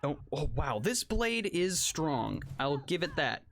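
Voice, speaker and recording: A let's play host giving casual gameplay commentary, reacting aloud to the action with excitable outbursts and self-mocking asides to viewers. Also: medium pitch, slow pace, faint music behind.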